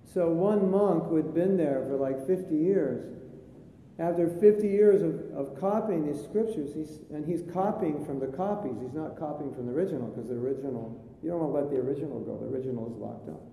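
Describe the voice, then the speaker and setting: A man's voice: a little fast, dark tone. Man giving a jokey talk in a hall. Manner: chatty storytelling, jokey asides. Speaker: spiritual teacher. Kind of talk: sermon with jokes. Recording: live recording, echoey hall, faint rumble.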